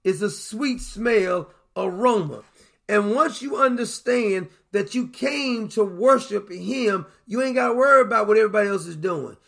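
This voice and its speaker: Gravelly high-voiced preacher man. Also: normal speed, hardly any pauses, a bit bright. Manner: folksy, dramatizing scripture in vernacular voices. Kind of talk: sermon.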